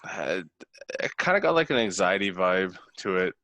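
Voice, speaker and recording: A man with a very deep voice whose pitch still swings widely, recorded dry and close. He speaks haltingly in a casual book club chat, searching for the right words. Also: big pitch swings, bright, forceful tone, no echo.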